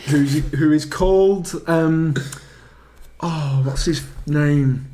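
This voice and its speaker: Man, rambling storyteller, fairly high voice, laughs often, casual chat. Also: extremely slow, warm tone, slight background noise. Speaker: podcast co-host. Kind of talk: casual film recap chat.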